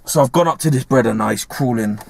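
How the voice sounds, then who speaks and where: A young man with a London accent telling a story in casual, slangy chat, animated and laughing often. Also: mid-range voice, fast talker, vocal fry, slight background noise. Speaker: podcast host.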